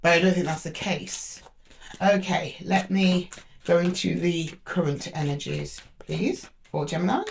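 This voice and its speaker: Slight background noise accompanies a woman's fairly low, gravelly voice, which moves a little slowly. She reads tarot cards to camera for a zodiac sign, talking it through aloud with frequent pauses and restarts.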